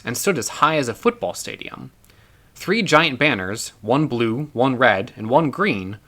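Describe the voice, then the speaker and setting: A man reading his own novel aloud in an expressive first-person narration. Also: mid-range voice. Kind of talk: audiobook narration.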